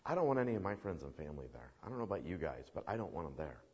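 A man's voice: rumbling low, very animated, very fast, darkish tone, husky. A man preaching a sermon in an earnest, emphatic way. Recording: dull recording with long hall reverb.

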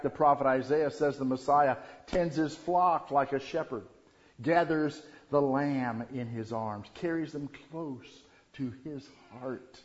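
A man preaching a Christmas sermon, shifting from quiet reverence to loud, animated storytelling. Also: mid-range voice. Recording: dull lo-fi sound.

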